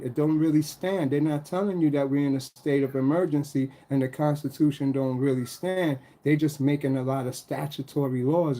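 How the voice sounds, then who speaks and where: A man's voice: a little high, dark tone. A man talking casually to an audience in a rambling way, restarting phrases and asking rhetorical questions. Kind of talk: casual explanatory monologue.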